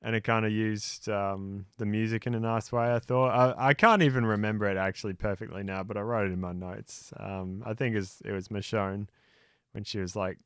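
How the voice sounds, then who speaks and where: A man co-hosting a podcast in casual chat, easygoing and hesitant, often pausing on "um" and restarting his sentences. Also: fairly low pitch, fairly even intonation, fairly bright tone, smooth, no room sound, clean studio sound. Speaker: podcast co-host.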